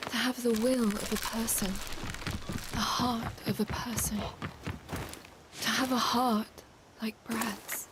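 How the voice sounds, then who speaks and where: A woman voicing a young game heroine who speaks softly, almost in a whisper, about wanting to understand having a heart. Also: fairly high pitch, little pitch movement, slow, pauses often, background noise. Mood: yearning. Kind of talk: game dialogue.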